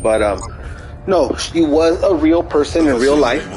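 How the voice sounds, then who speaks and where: A man's voice: on the high side, expressive, unhurried, a little mellow, soft background music, rough recording. A young man chatting casually over gameplay, telling a story in a rambling, profane way with many restarts. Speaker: gaming streamer.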